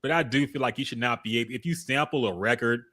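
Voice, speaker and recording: A man co-hosting a podcast, giving relaxed, opinionated takes on music in casual chat and laughing often. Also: mid-range voice, fast talker. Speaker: podcast co-host.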